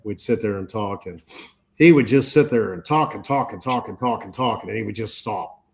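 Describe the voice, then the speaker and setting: A man's voice: fairly low pitch, normal speed, creaky. A man telling a funny travel story in a casual, laughing way as a guest on a show. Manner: animated, laughs as he tells it. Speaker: panel guest.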